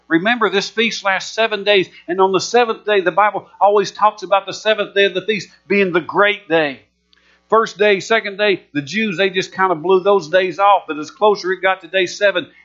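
A man with a high, bright, forceful voice preaches an emphatic, repetitive sermon. The recording is muffled and lo-fi, with a steady mains hum underneath. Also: normal speed.

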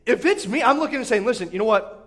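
Man, preacher, sermon, very high voice, animated storytelling, shouts and hushes, lots of fillers. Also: quick pace. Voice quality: filler-heavy, repetitive.

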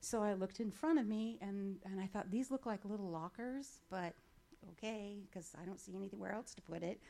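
A woman speaks from a stage, telling a personal faith testimony to a gathering. She acts out her own conversations as she goes, breaking in with ums and restarts. Her voice sits at an ordinary pitch for a woman. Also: moderate pace, creaky. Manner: animated storytelling with acted-out dialogue and frequent fillers. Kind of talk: storytelling testimony.

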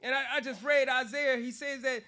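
A man preaching a sermon in an animated way. He laughs often between phrases and repeats words for emphasis. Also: extremely high pitch, fairly quick.

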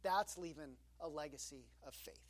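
A man's voice: a little high, normal speed. A middle-aged man preaching a sermon as pastor, telling stories with quoted asides. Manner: animated storytelling with quoted asides.

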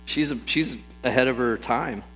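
A man preaching a sermon, telling stories with lively bursts and acting out the people in them. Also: mid-range voice, normal speed, faint music behind, rough recording. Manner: lively storytelling, acts out voices with bursts of excitement. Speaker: pastor.

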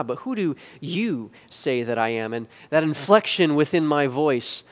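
A man preaching a sermon, building from quiet explanation to loud, emphatic peaks and back to hushed asides. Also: on the high side, long reverb tail. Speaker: pastor.

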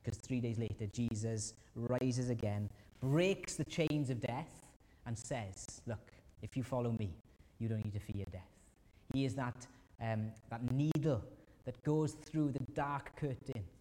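Preacher with a mellow voice in a hall. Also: male voice, measured pace. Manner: earnest, acts out anguished prayers with rising pitch. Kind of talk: sermon. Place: church hall. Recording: long reverb of a church hall.

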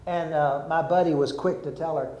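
A man's voice: on the high side, normal speed, echoey room, lo-fi sound. An older man preaching a sermon, telling stories and acting out the people in them. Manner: lively storytelling, acts out quotes. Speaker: preacher, former army chaplain.

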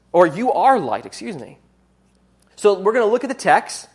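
An earnest preacher talks the listeners through a sermon, with a voice that rises and falls a great deal. The delivery is plain and teacherly, with now and then a quick self-correction mid-sentence. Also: medium pitch.

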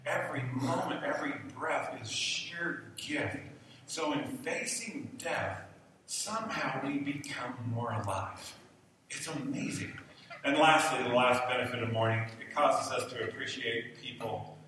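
Guy preaching a sermon, bright sharp voice, big echoey hall, mic kinda far off. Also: medium pitch, unhurried, slight background noise. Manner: animated storyteller, swings from hushed to loud. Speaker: pastor.

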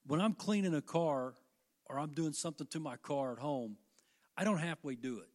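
An older man delivers a sermon with fervent energy, his fairly high voice climbing into loud passages and then dropping to quiet, earnest stretches. He speaks directly to his congregation. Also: normal speed. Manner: fervent, rising and falling delivery. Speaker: preacher.

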